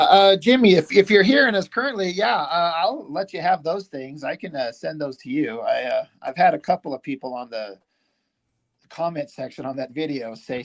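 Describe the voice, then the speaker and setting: A man chatting on a livestream, telling stories in a rambling, animated way full of fillers. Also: fairly high pitch. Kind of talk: casual livestream chat.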